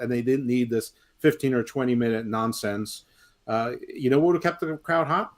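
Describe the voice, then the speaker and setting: A man in casual podcast chat, ranting with strong opinions about a wrestling show. He stammers, restarts his sentences and rambles on at length. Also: medium pitch. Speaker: podcast co-host, wrestling pundit.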